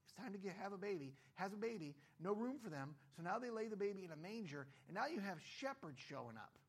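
Animated higher-voiced male preacher. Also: fast, slightly rough. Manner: animated, acts out voices of the story's characters, rhetorical questions. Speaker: pastor. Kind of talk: sermon.

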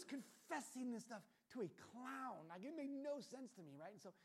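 Animated storytelling male pastor. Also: very high voice, moderate pace, slightly rough. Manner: animated storytelling, swinging between soft asides and loud emphasis. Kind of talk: sermon.

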